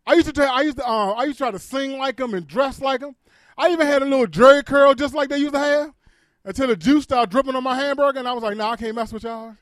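A man doing stand-up comedy on a club stage, telling loud, animated stories with shouted bits, then chatting in an interview. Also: very high-pitched, fast talker, no echo, studio quality.

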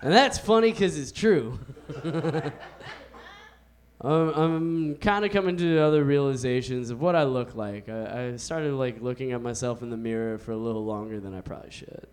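A young man doing a stand-up comedy set on a club stage into a handheld mic, with a loose, laid-back delivery and drawn-out punchlines. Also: medium pitch, a little mellow, a little hiss or hum. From United States.

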